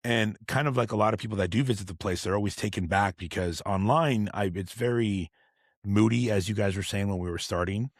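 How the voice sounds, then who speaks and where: A man's voice: fairly low pitch, brisk, dry recording, studio quality. A man guesting on a podcast, telling long profane stories full of fillers and restarts. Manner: rambling, profane storyteller with many fillers. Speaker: podcast guest, tattoo artist. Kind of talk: casual podcast chat.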